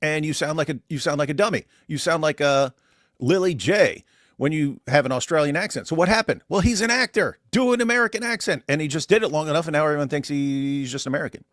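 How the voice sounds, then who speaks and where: A man's voice: a little high, fast talker, no echo, clean studio sound. A man co-hosting a livestream, talking casually in a mocking, sarcastic way. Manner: animated, mocking, sarcastic asides. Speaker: co-host.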